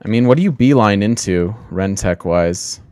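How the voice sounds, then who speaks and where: Low-voiced man thinking aloud over gameplay. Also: expressive, moderate pace, a little mellow, clean tone, no room sound. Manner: thinking aloud, self-mocking, laughs often. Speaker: let's play host. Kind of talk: casual gameplay commentary.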